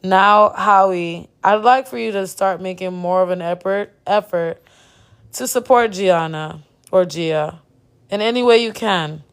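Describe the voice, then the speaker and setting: A woman reading the lines of a calm counselor who speaks in a gentle, encouraging way. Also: medium pitch, measured pace, clear, resonant tone, close to an everyday voice. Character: calm counselor leading a family session.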